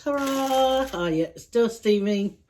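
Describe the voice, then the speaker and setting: Woman vlogger, home mukbang chat, slow unhurried delivery, middle pitch. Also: background noise. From Samoa. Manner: unhurried, chatty, with small laughs and sighs. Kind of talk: casual chat to camera.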